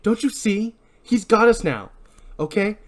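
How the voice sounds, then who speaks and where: A man reading out the lines of an angry, paranoid young man in a loud, strained, raised voice. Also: lively intonation, a little slow. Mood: angry shouting. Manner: shouting, accusing, high-pitched strain.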